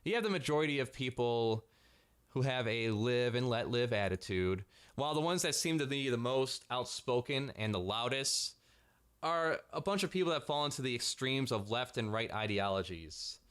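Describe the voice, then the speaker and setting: A man's voice: mid-range voice, expressive, normal speed, fairly bright tone, smooth. A man delivering a sarcastic, profanity-heavy commentary rant as a vlogger.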